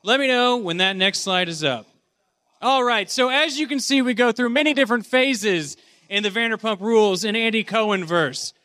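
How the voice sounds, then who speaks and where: A man hosting a live podcast panel, delivering a comic mock-lecture in a deadpan, mock-academic manner. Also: high-pitched, moderate pace. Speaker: podcast host. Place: convention panel room with live audience.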